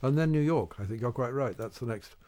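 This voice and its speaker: Older male radio guest, wry and anecdotal, average pitch. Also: fairly quick, warm tone. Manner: wry, anecdotal, hesitant restarts. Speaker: interview guest. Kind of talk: radio interview.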